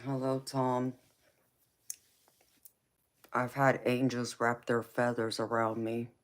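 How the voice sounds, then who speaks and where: A woman with a Southern accent and a low, deep voice, chatting casually on a live stream as a tarot reader. She is easygoing, laughs often and calls her viewers honey and baby. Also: level tone, takes it slowly.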